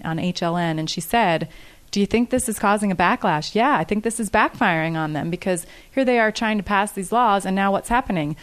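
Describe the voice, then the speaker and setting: A woman's voice: medium pitch, clear, resonant tone. A woman speaking casually and earnestly to an audience, repeating each question aloud before she answers it.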